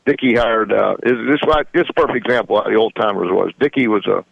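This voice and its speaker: A man's voice: lowish voice, fast, creaky, no room sound, highs cut off. A man in his sixties, a radio show guest, telling rambling stories in folksy grammar and chuckling often. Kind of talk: casual storytelling.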